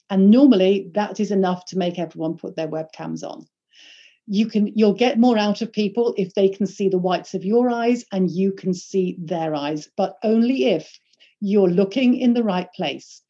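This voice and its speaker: A woman leading an online workshop on presenting, giving instructions in a clear and emphatic way. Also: mid-range voice, normal speed, mellow, dull audio. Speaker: presentation skills trainer.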